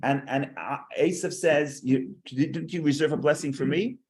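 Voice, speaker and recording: A man's voice: a little high, moderate pace, a little mellow. A man teaching a text study class, reading verses aloud and explaining them, often repeating words as he thinks.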